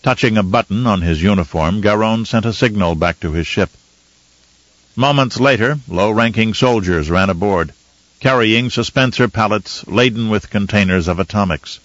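A man narrating an audiobook in a measured, steady way. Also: fairly low pitch, dry recording, lo-fi sound. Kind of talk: scripted narration.

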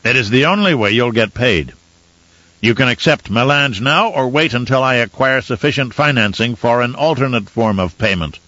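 A man's voice: medium pitch, moderate pace, bright, forceful tone, dry recording, voice pushed up, close to an everyday voice. Baron Harkonnen, as a man voices a sneering villain. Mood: pressed. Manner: sneering and mocking. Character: cruel, scheming older male baron, grand and sneering. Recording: dull, dry close recording.

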